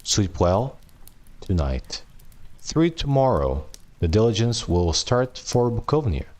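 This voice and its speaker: Dracula, read by a man, deep and formal. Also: very animated, takes it slowly, darkish tone. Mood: courteous. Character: courteous aristocratic male count writing a letter.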